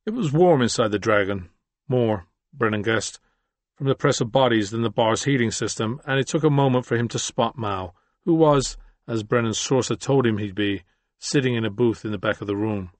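A man narrating a novel as an audiobook in a measured, even storytelling manner. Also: medium pitch, no room sound. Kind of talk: scripted narration.

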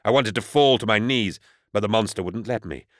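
A man reading a grim first-person audiobook narration in a measured, dramatic way. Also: on the low side, a bit bright, no echo, studio quality.

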